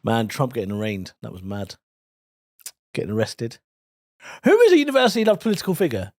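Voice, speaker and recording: Expressive male podcast co-host, bantering. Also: mid-range voice, no echo, clean studio sound. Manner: bantering, quick questions, swears casually. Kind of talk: casual comedic chat.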